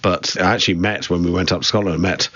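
A man's voice: low-pitched, fairly even intonation, quick pace, bright, forceful tone, no echo, muffled recording. A man with a Southern English accent, a guest in an interview, talking candidly and wryly about his father. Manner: dry, wry and candid. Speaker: guest, son of the director. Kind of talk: reflective interview talk.

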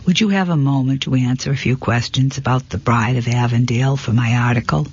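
A man's voice: medium pitch, fairly quick, breathy edge, lo-fi sound. A man voicing a polite, direct young female amateur detective in a storybook reading.

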